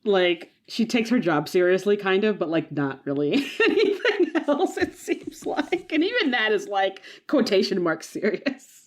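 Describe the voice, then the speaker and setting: A woman's voice: mid-range voice, sing-song, normal speed, hardly any pauses. A woman co-hosting a podcast, chatting casually and animatedly about a movie, laughing often and using lots of "like" fillers. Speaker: podcast co-host. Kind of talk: casual chat.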